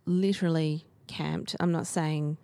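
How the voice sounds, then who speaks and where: Low-voiced woman, dry and close. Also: fairly even intonation, measured pace, vocal fry, warm tone, no echo. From Australia. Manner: chatty, encouraging, emphatic. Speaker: podcast co-host. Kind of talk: casual book-club chat.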